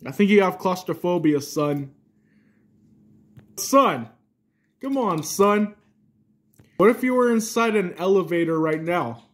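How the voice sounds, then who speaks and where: A man's voice: sits high, lively intonation, slow pace, long pauses, heavily acted. A man voicing a preachy father who lectures his son and keeps calling him "son.". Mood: lecturing. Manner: repeats "son" constantly, lecturing.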